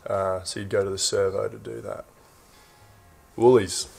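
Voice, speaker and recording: A young Australian man with an Australian accent, casually explaining slang in a relaxed drawl. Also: lowish voice, moderate pace, vocal fry, slight background noise. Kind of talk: casual explainer in a played clip.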